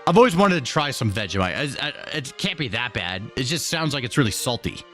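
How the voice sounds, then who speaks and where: A man's voice: mid-range voice, big pitch swings, fairly quick, bright, forceful tone, faint music behind. A man hosting a live stream, casually reading and answering his chat with easy chuckles. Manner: laid-back, chuckling, talks to chat.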